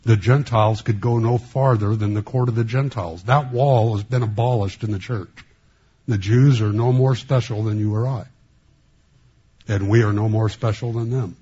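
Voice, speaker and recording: Halting low-voiced male pastor, muffled. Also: fairly even intonation, mellow, slightly rough. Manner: halting, with many restarts and a sarcastic streak. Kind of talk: sermon.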